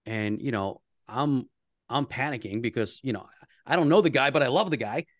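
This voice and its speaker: A man's voice: mid-range voice, animated, moderate pace, no room sound. Earnest radio man, dry close sound. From Philadelphia area. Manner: storytelling, earnest, many restarts. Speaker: radio host, guest. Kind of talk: casual podcast chat.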